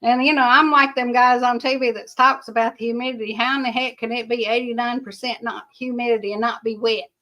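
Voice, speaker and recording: A woman's voice: fairly high pitch, fairly even intonation, a little fast, hardly any pauses, pushed and bright. An older woman, hosting a rambling livestream, chatting casually and answering viewer comments in a folksy way. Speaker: livestream host.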